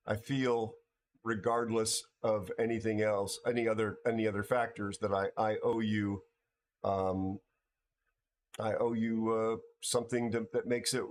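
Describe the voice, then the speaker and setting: A tired older American man hosting a casual livestream chat, rambling and halting with many restarts and fillers. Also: on the low side, level tone. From United States. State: tired from no sleep. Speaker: livestream host.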